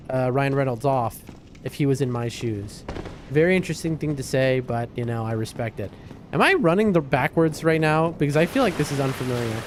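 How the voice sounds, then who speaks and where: A man's voice: on the high side, slight background noise. A man hosting a gaming livestream, chatting casually with his viewers and joking back at the game characters. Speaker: livestream gamer host. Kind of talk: casual gaming stream commentary.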